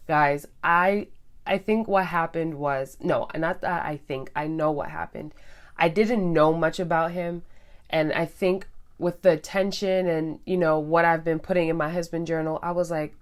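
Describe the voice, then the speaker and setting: A young woman vlogger telling a personal story in a chatty, animated way, talking straight to her viewers. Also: sits low, normal speed. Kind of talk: casual storytelling.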